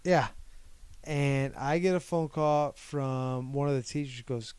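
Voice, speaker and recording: Young man with a smooth voice, rambling story. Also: mid-range voice, steady tone, unhurried, a little mellow, no echo. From Ohio. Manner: rambling, retells events by quoting people's words. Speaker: podcast co-host. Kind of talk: casual chat, personal storytelling.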